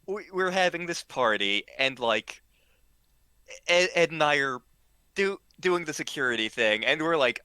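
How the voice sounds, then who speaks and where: A man's voice: fairly high pitch, lively intonation, bright, forceful tone, clean tone, no room sound. A man telling a casual story, full of ums and restarts and acting out what people said. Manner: halting, full of ums and restarts, acts out quoted lines.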